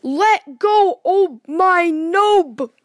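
A woman's voice: sits high, measured pace, dry recording, studio quality. Mister Mischief, a woman voicing a giggling little imp. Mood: pained.

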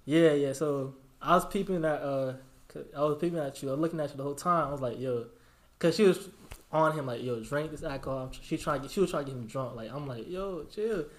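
On a podcast, a young man with a fairly high voice talks fast about his clothing brand. His laid-back, slangy banter is casual, and he laughs often.

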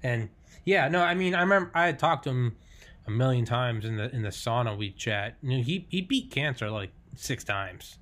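A man's voice: medium pitch, lively intonation, normal speed, a bit bright. Casual, foul-mouthed podcast host man. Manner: casual, swears freely. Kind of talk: casual conversation.

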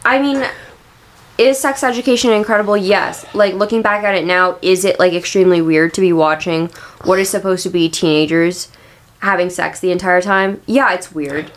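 A woman's voice: fairly low pitch, steady tone, moderate pace. A woman co-hosting a podcast in candid, casual chat, talking with lots of fillers. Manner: chatty, filler-heavy, candid. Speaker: podcast co-host.

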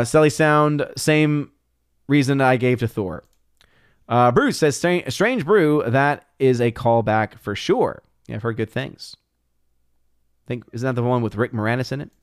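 A man's voice: medium pitch, smooth, no room sound, studio quality. A man hosting a casual livestream, reading viewer comments aloud and answering them with amused, chatty asides. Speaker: livestream host reading chat.

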